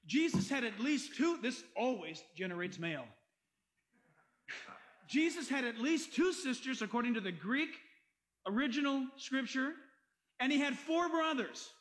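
A male pastor with a strikingly high-pitched voice for a man. He preaches emphatically, reading scripture aloud and pressing his listeners with animated rhetorical questions. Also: measured pace, pauses often, poor audio. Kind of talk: sermon.

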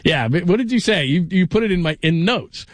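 A man's voice: sits high, expressive, brisk, no room sound. A man filling in as a sports radio host, telling stories in a joking, rambling way with lots of restarts. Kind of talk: casual sports radio chat.

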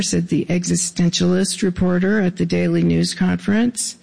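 A man's voice: sits high, flat delivery, normal speed, creaky, darkish tone, poor audio. A man from Louisiana reading his own personal essays aloud, with wry, dry asides between passages.

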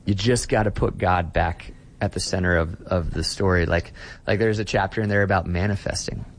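Very deep-voiced man, a pastor. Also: brisk, a little hiss or hum. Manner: earnest, restarts words while thinking. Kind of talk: podcast interview guest.

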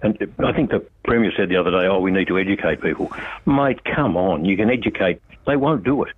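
An older Australian man speaks bluntly and with conviction, calling out an official as he makes his case. His voice is very deep and husky. It comes through a tinny, dry phone line. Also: fairly quick, dry recording. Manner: blunt, impassioned, addresses an official directly. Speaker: radio guest, road safety campaigner. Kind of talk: on-air phone interview. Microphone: telephone.

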